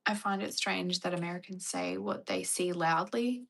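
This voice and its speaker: A woman's voice: fairly low pitch, moderate pace, a bit bright. A young Australian woman chatting casually on a livestream with a wry, chatty manner. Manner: chatty, wry, mock-dramatic impressions.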